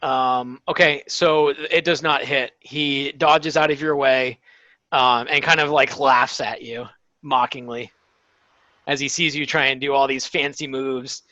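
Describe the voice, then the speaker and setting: A man running a tabletop game as game master, hesitant with many ums and quick to laugh. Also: mid-range voice, steady tone, bright, forceful tone, dry recording. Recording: slightly dull, dry recording.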